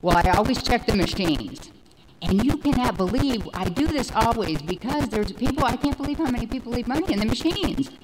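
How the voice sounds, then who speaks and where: A woman in her forties giving a personal recovery testimony, rambling and animated, with many fillers. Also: on the high side, brisk, background noise. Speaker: speaker sharing recovery story.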